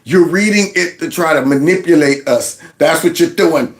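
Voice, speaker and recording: A man hosting casual political commentary, talking in an animated, mocking way and laughing often. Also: a little high, moderate pace. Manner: quotes others in a mock voice. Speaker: commentary host.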